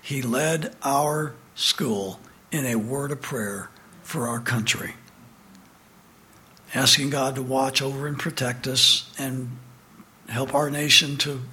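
A man in his seventies from the American Midwest gives an address and tells a childhood memory, sometimes emphatic and sometimes hushed. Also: medium pitch. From Midwestern United States. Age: 70s. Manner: animated storyteller, alternately emphatic and hushed. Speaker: speaker giving an address. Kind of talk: personal recollection in a prepared address.

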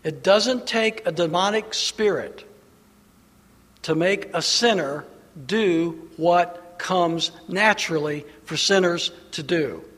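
A man's voice: sits high, a bit bright. A man preaching a sermon, emphatic, pressing his listeners with rhetorical questions. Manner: emphatic, rhetorical questions, slow deliberate delivery. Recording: long reverb of a large hall.

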